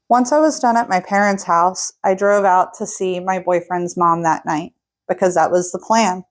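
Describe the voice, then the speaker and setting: A woman's voice: fairly low pitch, moderate pace. Young woman telling a personal story. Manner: animated, voice rises when recounting arguments.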